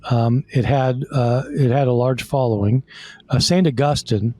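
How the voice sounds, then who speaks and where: A man's voice: medium pitch, steady tone, measured pace, darkish tone, dry recording. Chatty male scholar, dry sound. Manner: conversational, many fillers and restarts. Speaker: guest scholar. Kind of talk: explaining in an interview.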